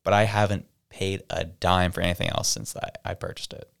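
A man co-hosts a relaxed podcast chat, with a deep voice that is smooth and has a gravelly edge. He tells stories and acts out the people in them. The sound is close and dry. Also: fairly quick, dry recording. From Canada. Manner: storytelling, acts out quoted people. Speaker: podcast co-host. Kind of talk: casual chat.

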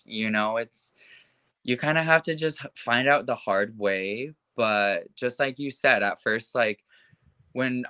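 A young man speaks as a guest in a relaxed interview, frank and chatty and full of casual fillers. His voice sits a little low and has a bright, forward edge. The sound is dry and close, with no room around it. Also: smooth, no room sound. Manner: frank, chatty, many fillers like "like" and "you know". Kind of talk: casual conversation.

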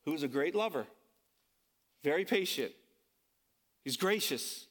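A male pastor delivers a sermon with a fairly high-pitched voice. He is impassioned, stretching out key phrases and rising sharply in pitch, then drops into loose, conversational asides where he corrects himself. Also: expressive, a little slow, long pauses, a bit bright.

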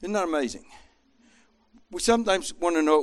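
A man preaching a sermon with an animated manner, acting out voices as he tells the story. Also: high voice, normal speed. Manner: animated, acts out voices in quotes.

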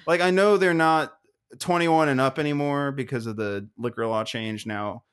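A young man co-hosting a casual podcast, ranting in a profane, animated way. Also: mid-range voice, moderate pace, clear, resonant tone. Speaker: podcast co-host.

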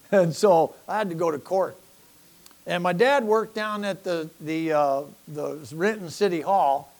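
An older man delivers a sermon in a fairly high voice. He wanders into folksy personal stories and acts out the people he quotes, then returns to reading scripture. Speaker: pastor.

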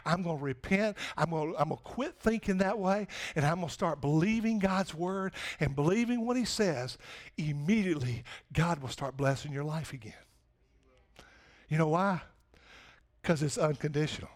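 A man preaching a sermon to his church, swinging from loud urgency to hushed, near-whispered pleading. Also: a little high, lively intonation, normal speed. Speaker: pastor.

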